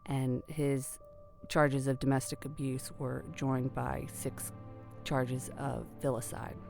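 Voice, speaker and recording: A middle-aged woman telling a personal story in a conversational, earnest way, sometimes hushed. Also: a bass voice, little pitch movement, slow, vocal fry, over music.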